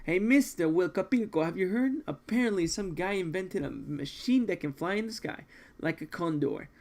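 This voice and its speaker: A man voicing a brash, joking assassin in a manga read-along, talking in a loud, rowdy, teasing way. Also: sits high, lively intonation, normal speed, gravelly.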